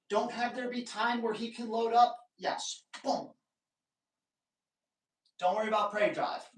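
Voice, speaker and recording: A man hosting a live dog training Q&A, giving blunt, emphatic advice in short, punchy commands. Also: high voice. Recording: roomy, distant from the mic.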